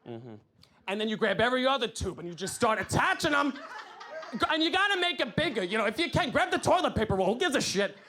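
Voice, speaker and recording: Stand-up comic, New York accent, bright tense tone, big shouty delivery. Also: male voice, very high voice, fast. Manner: animated, loud storytelling with shouted outbursts. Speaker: stand-up comedian. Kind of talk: stand-up comedy set. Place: comedy club stage. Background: audience laughter.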